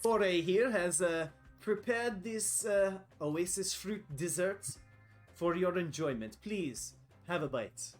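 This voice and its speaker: A man's voice: high-pitched, slow pace, faint music behind. A man voicing a formal master chef. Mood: courteous.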